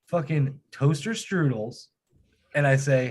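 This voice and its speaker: A man in his thirties hosting a live stream, telling a profane, animated story in casual chat. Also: fairly high pitch, moderate pace.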